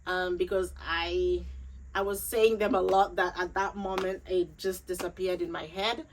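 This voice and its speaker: A woman's voice: lowish voice, flat delivery, unhurried, slight background noise, rough recording. A grieving young woman vlogger telling a personal story to camera. She talks earnestly and emotionally, repeating phrases for emphasis.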